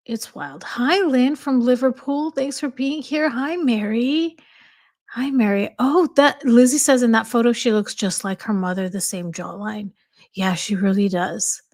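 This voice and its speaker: Host, woman, slight accent, somewhat high voice, casual and chatty, reading and answering viewer comments. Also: darkish tone. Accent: slight foreign accent. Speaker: livestream host reading chat. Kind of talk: casual live chat.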